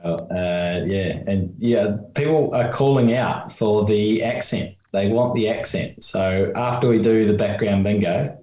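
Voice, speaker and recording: A man co-hosts a podcast in a low, mellow voice and teases his partner. The room around him is echoey. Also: unhurried, few pauses. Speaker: podcast co-host. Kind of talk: casual chat.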